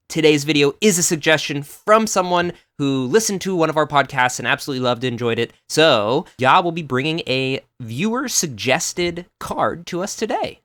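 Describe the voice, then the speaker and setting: A man hosting a casual card-game podcast, talking in an animated way and laughing often. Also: fairly high pitch, brisk. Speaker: podcast host.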